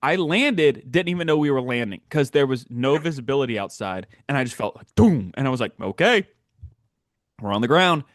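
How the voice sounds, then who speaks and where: A man's voice: medium pitch, a little fast, hardly any pauses, no echo, clean studio sound. A man hosting a podcast, telling stories in casual chat and acting out the people he quotes. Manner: animated storyteller acting out quotes. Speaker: podcast host.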